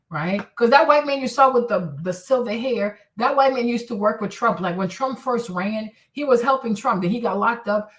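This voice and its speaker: A woman's voice: medium pitch, distant mic. A woman hosting a commentary stream, talking bluntly and scolding with repeated rhetorical questions. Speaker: commentary host. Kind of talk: casual commentary.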